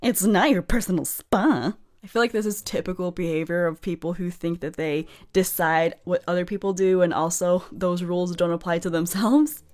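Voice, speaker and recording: A woman's voice: lowish voice, steady tone, fairly quick, few pauses, darkish tone. A woman reading stories aloud and adding chatty, sarcastic commentary of her own. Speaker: story narrator.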